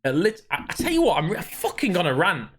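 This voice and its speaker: A man's voice: high-pitched, wildly swooping pitch, quick pace, a bit bright, breathy edge. A man ranting angrily and swearing while streaming, talking to his chat. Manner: profane, ranting, irritated. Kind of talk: angry gaming rant on livestream.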